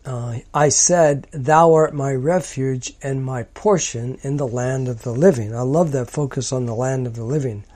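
A man teaching from a psalm in a slow, deliberate, emphatic manner. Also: medium pitch, a little mellow. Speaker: preacher.

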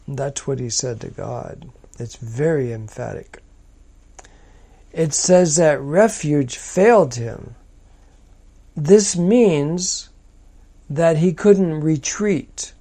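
A man teaching from a psalm in a slow, deliberate, emphatic manner. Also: a little high, mellow. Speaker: preacher.

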